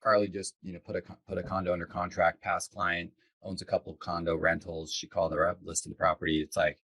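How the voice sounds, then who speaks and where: A man's voice: low voice, little pitch movement, quick pace, fairly bright tone, a little hiss or hum, low-quality recording. A man hosting a casual podcast conversation as a sales coach, speaking in an enthusiastic, affirming way.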